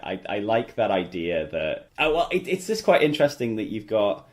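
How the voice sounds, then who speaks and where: Low-voiced chatty English man. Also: sing-song, brisk, few pauses, darkish tone. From England. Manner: chatty, laughs often, trailing restarts. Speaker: podcast host. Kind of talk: casual chat.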